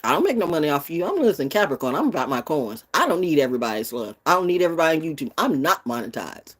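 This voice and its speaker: A woman of sixty-seven talks straight to her followers in an unscripted vlog rant, blunt and full of swearing. Her voice sits fairly low but swings wildly, dropping to near-mutters and then leaping up in sharp, high bursts. Loud laughs break in between her remarks. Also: very animated, racing, slightly rough. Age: 60s. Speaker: vlogger.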